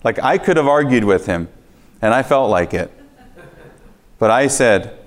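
A man preaching a sermon, telling a personal testimony in a lively storytelling way and acting out his own reactions. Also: mid-range voice, unhurried.

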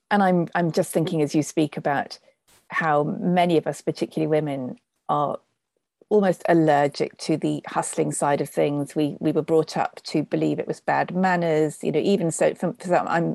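Low gravelly woman interviewer, fifties. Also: darkish tone, no echo. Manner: thoughtful, repeats words as she starts. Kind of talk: conversational interview.

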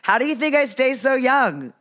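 A woman's voice: high-pitched, big pitch swings, moderate pace, a bit bright. A woman in her fifties hosting a casual podcast with her daughter, playful and laughing often. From United States. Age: 50s. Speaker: podcast host, comedian. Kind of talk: casual chat.

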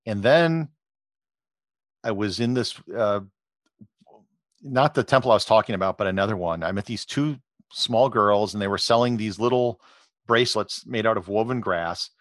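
A middle-aged man with a somewhat low voice talks through his ideas in a relaxed, explanatory way, often pausing on fillers. The sound is dry and close, with no room echo. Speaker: podcast host and travel photographer. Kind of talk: conversational interview answers.

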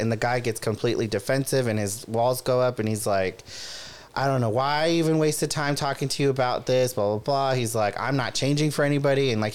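A man in casual chat, retelling a story with lively quoted voices. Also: medium pitch, smooth. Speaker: podcast co-host.

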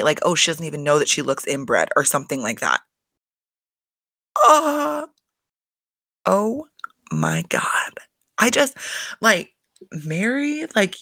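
A woman with a twang gossips through a reality TV recap, swearing freely and breaking into laughs. Her voice sits a little low but swings widely in pitch. The sound is close and dry. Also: no room sound. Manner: animated, profane, laughs often. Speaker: reality TV commentator. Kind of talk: casual recap chat.

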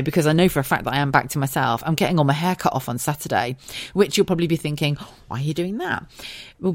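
Podcast host: a woman in her forties with a low voice, frank and sweary, recorded dry and close. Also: no echo. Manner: candid, chatty, swears, goes off on tangents. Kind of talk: casual solo podcast monologue.

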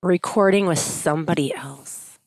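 A woman's voice: on the low side, moderate pace, darkish tone, no room sound. A woman co-hosting a podcast, chatty and teasing in casual conversation. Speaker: podcast co-host. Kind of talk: casual chat.

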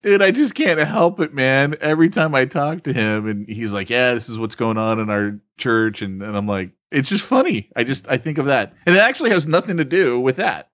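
A man's voice: a little high, big pitch swings, a little fast, hardly any pauses, a bit bright, no room sound, studio quality. A man co-hosting a podcast in casual banter, laughing and teasing. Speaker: podcast co-host.

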